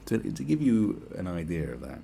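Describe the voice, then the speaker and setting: On his podcast, a male host with a very deep, gravelly voice delivers a crude, blunt, profanity-laced solo rant that rambles and grows sarcastic. His delivery is sing-song and warm at a moderate pace, with a faint hiss beneath the voice.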